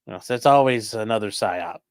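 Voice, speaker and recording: A man's voice: fairly low pitch, normal speed, no room sound, studio quality. Sarcastic, rambling male streamer. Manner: sarcastic, rambling, swears casually. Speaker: livestream host reading viewer donations. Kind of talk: casual livestream commentary.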